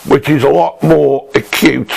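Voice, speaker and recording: A man talks through a woodworking tool in his workshop, his voice heavily gravelly with fry and his delivery slow and unhurried. He pauses, restarts and thinks aloud as he shows things to the camera. His voice sits slightly higher than most men's. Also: fairly even intonation, poor audio. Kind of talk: casual show-and-tell tool review. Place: home workshop.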